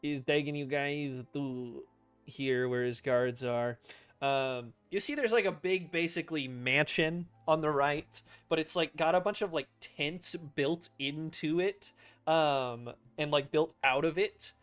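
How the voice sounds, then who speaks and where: A man's voice: a little high, a little slow, a bit bright, smooth, soft background music. A man narrating a tabletop role-playing game as game master, in loose, chatty descriptions full of fillers.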